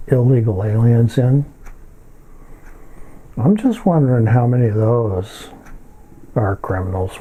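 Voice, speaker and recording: An older man telling a story in a casual monologue, halting and rambling with many filler pauses. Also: medium pitch, warm tone, a little hiss or hum, rough recording.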